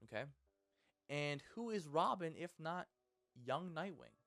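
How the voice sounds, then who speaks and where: A man in his twenties hosting a casual, ranting vlog, rambling and excitable with frequent restarts. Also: on the high side, measured pace, gravelly, no room sound, soft background music. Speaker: channel host.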